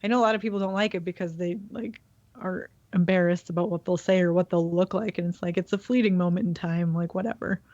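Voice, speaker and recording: A woman co-hosting a podcast in casual chat, relaxed and self-deprecating. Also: on the low side, fast talker, no room sound, lo-fi sound. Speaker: podcast co-host.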